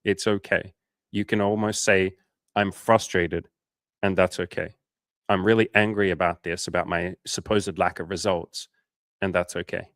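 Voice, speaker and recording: A man's voice: fairly even intonation, normal speed, fairly bright tone, no echo, clean studio sound. A man coaching viewers on a livestream, talking bluntly and casually, swearing now and then. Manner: blunt, casual, swears, acts out quotes in higher voices.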